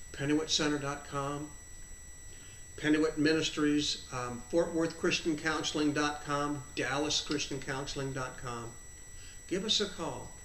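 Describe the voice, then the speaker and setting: A man's voice: fairly high pitch, slight background noise. A man, a Christian counselor hosting his show, telling an earnest testimony and closing with an appeal to viewers. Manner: earnest, swings from excited to hushed. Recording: roomy echo.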